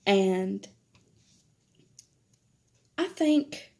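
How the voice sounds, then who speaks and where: While applying makeup for her vlog, a teenage girl recounts stories extremely slowly, her voice expressive and a little mellow. She's chatty, laughs frequently, and quotes people in a higher pitch.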